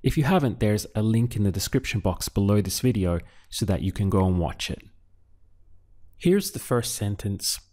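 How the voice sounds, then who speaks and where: A man teaching a language lesson step by step, patiently asking questions, pausing for answers and sounding out syllables. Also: fairly low pitch, expressive, warm tone. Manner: patient, asks questions then pauses for answers; spells out syllables slowly. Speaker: Spanish teacher.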